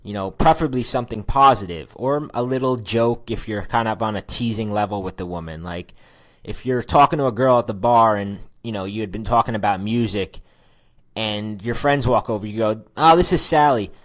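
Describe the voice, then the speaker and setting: A man's voice: on the low side, a little fast, a bit bright. A man teaching a recorded course lesson on conversation skills, casual and chatty, acting out sample lines of small talk. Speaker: dating and conversation coach.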